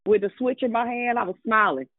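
A woman's voice: a little high, quick pace, no room sound. Fervent woman preaching over a phone line. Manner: fervent, informal, playful with callers. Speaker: prayer call host and preacher. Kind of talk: preaching, then greeting callers. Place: phone call.

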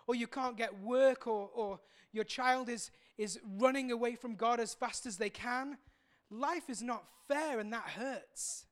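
Earnest, reflective male pastor preaching. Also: extremely high pitch. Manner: earnest and reflective, with frequent pauses and repeated words. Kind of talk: sermon.

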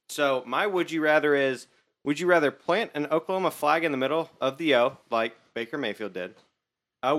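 A man's voice: medium pitch, bright, forceful tone. A man co-hosting a podcast, blunt and teasing in casual banter. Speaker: podcast co-host.

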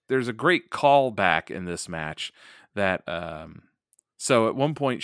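A man co-hosting a podcast, chatting casually and excitedly about a wrestling match, with lots of fillers and restarts. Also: lowish voice, dry recording, studio quality. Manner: animated, rambling with many fillers. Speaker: podcast co-host.

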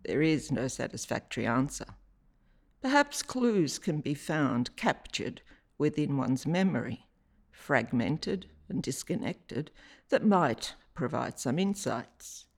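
A woman's voice: sits low, big pitch swings, husky. Woman reading a reflective personal essay. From Italy. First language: Italian. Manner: measured, deliberate reading with pauses. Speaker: artist. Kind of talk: reflective scripted narration.

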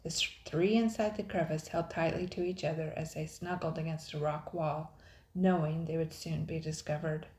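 A woman narrating a children's adventure storybook in a steady, dramatic read-aloud. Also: sits low, normal speed. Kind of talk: storybook reading. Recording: roomy echo.

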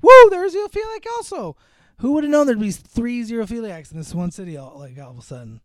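A man's voice: sing-song, a little fast, no echo, clean studio sound. A young man casually recapping a movie plot, rambling with lots of fillers and acting out the characters' lines. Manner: rambling, filler-heavy storytelling, acts out lines in higher voices. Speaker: podcast co-host. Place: home room.

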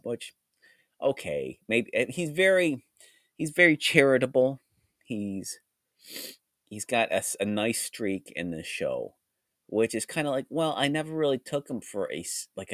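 A man hosting a solo podcast with a groggy, hoarse voice from a cold, talking in a rambling, reflective way. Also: on the low side, a bit bright, dry recording, clean studio sound. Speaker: podcast host. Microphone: studio mic.

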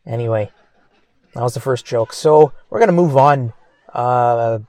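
A man's voice: mid-range voice, measured pace, darkish tone, dry recording. A man hosting a comedy show, delivering a loose comic news monologue with chuckles and crude asides.

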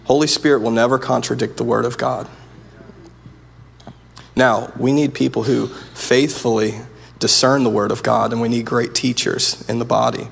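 Gravelly-voiced man preaching earnestly. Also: medium pitch, fairly even intonation, normal speed. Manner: earnest, conversational preaching with many restarts. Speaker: pastor. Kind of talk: sermon.

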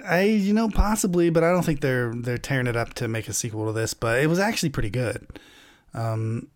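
Man, casual movie chat, rambling and halting delivery, swears a lot. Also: medium pitch, lively intonation.

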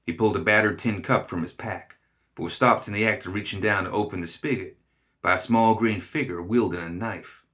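Male reader for scripted fiction narration: low, bright, measured, expressive.

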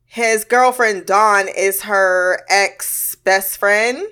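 A woman's voice: mid-range voice, steady tone, drawn-out words, pushed and bright, clear, resonant tone. A woman casually commenting on a film, swearing freely and laughing often. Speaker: reaction commentator.

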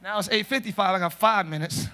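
A male pastor preaching a lively sermon in a church, animated and joking, breaking into shouts. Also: high-pitched, fast talker. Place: church service. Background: congregation responding.

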